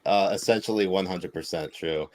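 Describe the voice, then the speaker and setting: A man's voice: low-pitched, normal speed, darkish tone. A man co-hosting a live stream, joking wryly and reading viewer comments aloud in casual chat. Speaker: stream co-host.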